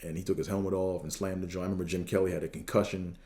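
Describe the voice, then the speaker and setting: A man in his thirties with a low, dark voice, telling a long story casually. He rambles along with plenty of fillers and loose swearing. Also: level tone, racing. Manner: laid-back and rambling, with lots of fillers and swearing. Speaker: host.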